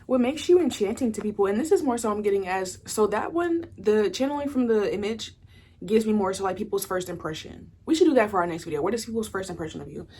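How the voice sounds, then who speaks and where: A woman's voice: medium pitch, animated, fast, darkish tone, breathy edge. A young woman from the States, giving a casual pick-a-card tarot reading in a chatty, rambling way full of "like" and "you know". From Southern United States. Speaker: tarot reader.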